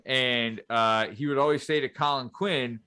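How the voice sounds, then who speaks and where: A man's voice: mid-range voice, a little slow, clear, resonant tone. A man hosting a podcast, in casual chat, telling stories animatedly and swearing freely. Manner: animated storyteller, swears freely, asks "you know what I mean". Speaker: podcast host.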